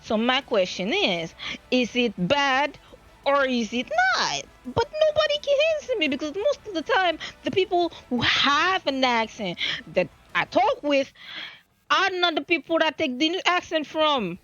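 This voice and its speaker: A high, pushed, bright voice, very animated and a little slow, comes from a French Caribbean woman streamer with a Creole accent. Faint music sits behind her rambling casual chat, which is self-deprecating and full of restarts, recorded in dull lo-fi stream quality.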